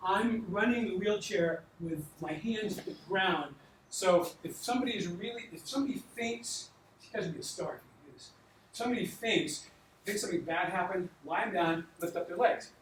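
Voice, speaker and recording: Animated older man in echoey hall. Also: sits high, moderate pace, a little hiss or hum. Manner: animated, acts out dialogue. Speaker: doctor giving a talk to students. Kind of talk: storytelling talk. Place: large lecture hall. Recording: echoey hall, mic at a distance.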